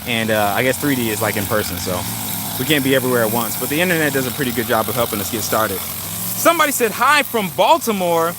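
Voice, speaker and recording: A man's voice: medium pitch, sing-song, quick pace. A middle-aged man hosting a casual live stream outdoors in a yard on a handheld phone, talking in an easygoing, rambling way with many fillers and greeting viewers. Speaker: channel host. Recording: outdoor traffic and engine noise.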